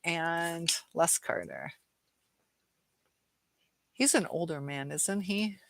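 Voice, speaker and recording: Extremely slow and creaky, this woman's low voice comes through a dry recording as she hosts a live chat. Feeling tired and dizzy, she reads out viewer comments, hesitating often and restarting with many fillers.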